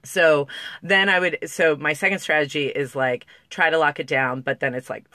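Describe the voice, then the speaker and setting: A woman's voice: low-pitched, fairly even intonation, moderate pace, bright, forceful tone, dry recording. Emotional woman vlogging to camera, close to tears, rambly with likes and restarts, pretty dry close sound. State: on the verge of tears. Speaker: parenting vlogger. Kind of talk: casual talk to camera.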